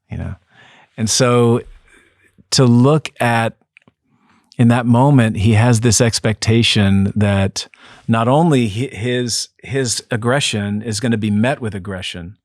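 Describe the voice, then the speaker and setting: A man, a psychotherapist, speaking as an interview guest in an earnest, measured way, often restarting his sentences. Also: mid-range voice, darkish tone, dry recording, studio quality. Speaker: depth psychotherapist, podcast guest. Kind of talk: reflective interview talk.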